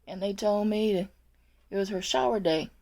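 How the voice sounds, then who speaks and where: A woman's voice: medium pitch, moderate pace, darkish tone. A woman who used to work as a nursing aide, telling a story in a chatty, casual way, laughing often and repeating words as she goes.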